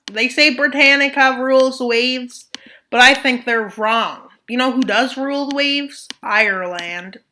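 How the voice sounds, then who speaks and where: A woman with a high, bright, pushed voice narrates a map scenario video a little slowly. Her casual commentary is full of playful jokes, asides and mock voices.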